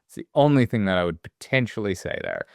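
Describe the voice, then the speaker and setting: Smooth-voiced podcast co-host, profane and rambling. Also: male voice, on the low side, fast, no echo, clean studio sound. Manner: rambling, profane, animated asides. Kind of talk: casual movie podcast chat.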